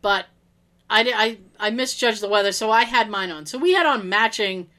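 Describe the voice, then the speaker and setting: Bright-voiced woman telling a story. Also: medium pitch, normal speed. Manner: animated, laughing, acts out quotes. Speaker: podcast co-host. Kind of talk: casual storytelling chat.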